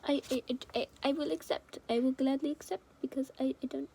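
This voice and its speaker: A woman's voice: high voice, fairly even intonation, a little fast, mellow. A young woman rambling and giggling affectionately as she chats casually to her viewers at home. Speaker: fan video creator.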